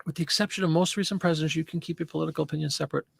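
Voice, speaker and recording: A man's voice: fairly high pitch, steady tone, rapid-fire, gravelly, breathy edge, no echo. Chatty man hosting a live stream. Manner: chatty, rambling, reading out viewer comments. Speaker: host. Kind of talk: casual live-stream chat.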